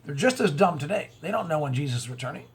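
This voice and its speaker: A man's voice: a little high, animated, fast talker, creaky, husky. A man hosting his own video, delivering a rambling commentary monologue full of rhetorical questions, repeated words and chuckles. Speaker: online video host. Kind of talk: conspiracy and religious commentary monologue.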